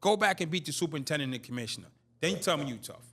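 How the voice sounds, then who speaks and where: Speaking very fast in a voice on the high side, a man in his fifties tells a streetwise story as an interview guest. He's animated and casual, acting out the dialogue as he goes.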